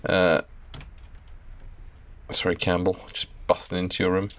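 A man's voice: deep voice, completely flat delivery, a little slow, fairly bright tone. A man casually commenting while playing a horror game, chatty and wry. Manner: chatty, wry, laughing asides. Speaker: let's play host.

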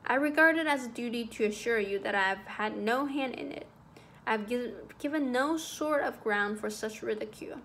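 A woman's voice: on the high side, moderate pace, a bit bright. A prim, nervous schoolmaster, put on by a woman reader, frets and lectures in a raised, tight voice. He sounds scandalized by everything, storybook style, with a faint hiss of noise behind him. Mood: anxious lecturing. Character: fussy anxious old-fashioned male schoolmaster.

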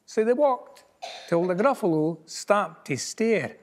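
Scottish guy reading a kids book aloud, slow and singsong, lots of ups and downs. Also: high voice, lively intonation. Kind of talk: reading a picture book in Scots.

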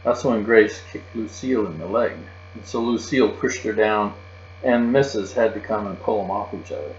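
A man's voice: fairly low pitch, normal speed, faint music behind. Man reading a children's storybook aloud. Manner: reads in a child's first-person voice, lively and expressive. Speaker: reader. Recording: muffled, roomy recording with mains hum.

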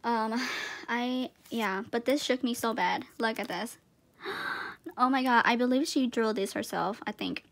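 High pitched girl freaking out over a package, laughy and gushy, filmed at home on a tripod. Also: normal speed. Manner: gushing, excitable, repeats exclamations, laughs often. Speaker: vlogger. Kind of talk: unboxing vlog, casual chat to camera. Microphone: camera on tripod.

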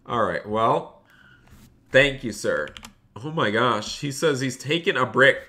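Bright-voiced man streaming a game. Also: mid-range voice, animated, unhurried. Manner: chatty, talks to chat while playing a bank clerk. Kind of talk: live game role-play commentary.

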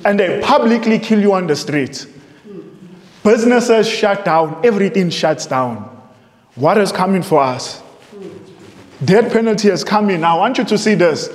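An expressive, high-voiced man delivers a sermon at a normal pace, reading aloud from printed material. Long reverb fills the echoey room as he emphatically repeats his points and asks rhetorical questions.

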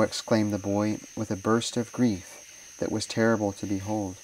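A man, a minister, reading a moral story aloud in a measured, solemn way. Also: on the low side, little pitch movement, a little mellow, distant mic, a little hiss or hum, poor audio.

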